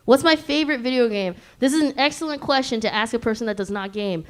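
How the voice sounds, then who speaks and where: A woman's voice: fairly high pitch, fast talker. A woman hosting a live convention panel, teasing and playful with the audience, laughing often. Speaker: panel host.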